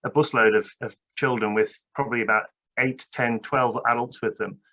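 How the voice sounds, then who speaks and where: A man from Britain moderating a webinar panel, chatty and brisk with many fillers. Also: mid-range voice, steady tone, pushed and bright. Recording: dull lo-fi webinar audio.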